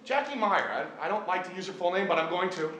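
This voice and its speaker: A man's voice: high voice, animated, quick pace, fairly bright tone. Earnest man telling a story in a hall. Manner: earnest, storytelling, self-deprecating jokes. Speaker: teacher and event speaker. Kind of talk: personal story told to a live audience. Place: large echoey hall. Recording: echoey hall, faint room noise.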